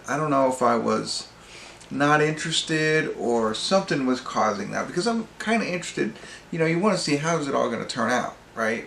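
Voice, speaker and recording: Guy rambling thru a movie review, lots of ums, raspy edge, roomy echo, faint background hum. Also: medium pitch, a bit bright. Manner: rambling, hesitant, many fillers and restarts. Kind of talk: casual spoken movie review. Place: pub.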